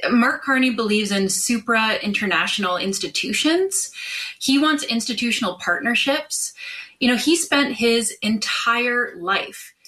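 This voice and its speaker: A woman's voice: on the high side, animated, measured pace, pushed and bright. A woman guest, a marketing strategist, giving opinionated and emphatic answers with frequent restarts in an interview.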